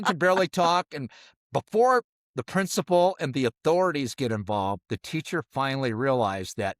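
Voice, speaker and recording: A man's voice: fairly high pitch, lively intonation, normal speed, no room sound, clean studio sound. A middle-aged man co-hosting a podcast, telling a story casually and acting out the quoted voices. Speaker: podcast co-host.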